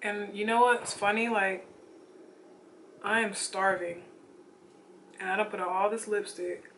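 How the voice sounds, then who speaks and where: A young woman chatting casually and excitedly about her makeup while she gets ready at home, full of slangy asides. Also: mid-range voice, measured pace, pauses often, slight background noise. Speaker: beauty vlogger. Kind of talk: casual get-ready-with-me chat.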